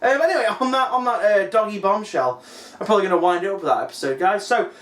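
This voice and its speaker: A man's voice: high-pitched, expressive, fast talker, a bit bright. Rambling guy vlogging in an echoey room. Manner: rambling, chatty, swears casually. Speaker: hobby YouTuber. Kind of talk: casual vlog chat. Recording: roomy echo.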